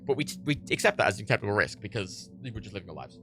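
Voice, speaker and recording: A man's voice: fairly low pitch, rapid-fire, creaky, faint music behind. A man hosting a livestream, ranting heatedly and swearing a lot as he gives his opinions. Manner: heated, profane, animated. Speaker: livestream host.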